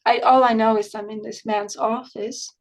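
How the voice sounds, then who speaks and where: Animated high-voiced woman recounting a story. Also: normal speed. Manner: animated storytelling, quotes conversations in her own voice. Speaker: remote viewer. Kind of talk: conversational interview recounting an experience.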